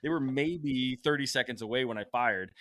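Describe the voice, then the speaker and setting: A man telling a hunting tale on a podcast, lively, with a bright, forceful tone. He jumps into raised voices to replay what was shouted. The recording is dry and close. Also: medium pitch, moderate pace, dry recording. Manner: animated, acts out shouted quotes. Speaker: podcast host. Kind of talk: casual storytelling.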